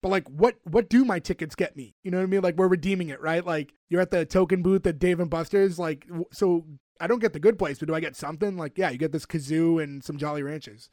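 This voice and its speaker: Chatty man with a slightly high voice. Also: quick pace, dry recording, clean studio sound. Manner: animated storyteller, rambling with fillers. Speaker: podcast co-host recapping a show. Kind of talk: casual chat.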